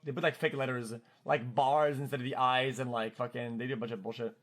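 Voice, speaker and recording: A man in his twenties with a French-Canadian accent, a streamer telling a story in casual chat, excitable, cursing freely and stumbling over repeated words. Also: medium pitch, a little fast. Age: 20s.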